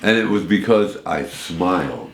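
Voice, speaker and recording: A man telling stories as a guest in a radio interview, rambling and animated, often restarting his sentences. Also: deep voice, measured pace, gravelly, reverberant, slight background noise.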